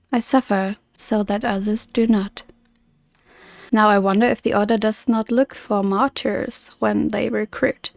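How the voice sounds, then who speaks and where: An earnest, reserved woman guardian from a cozy game, speaking formally and softly, as a woman reads her lines aloud. The voice sits a bit high with a gravelly edge. It is recorded dry and close, with faint music behind. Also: no echo. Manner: formal, measured, soft-spoken. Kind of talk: reading game dialogue aloud.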